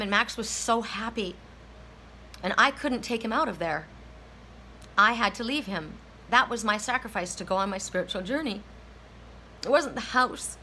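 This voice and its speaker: Emotional woman, bright voice, halting. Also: fairly high pitch, slight background noise, poor audio. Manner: emotional, repeats herself, halting restarts. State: near tears. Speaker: tarot card reader. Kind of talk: personal storytelling in a tarot reading.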